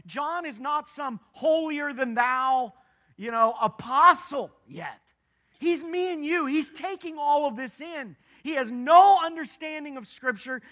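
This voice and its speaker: A man delivering a sermon with a strikingly high voice. His tone is bright and forceful. He presses each point earnestly and circles back to repeat key phrases for emphasis. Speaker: pastor.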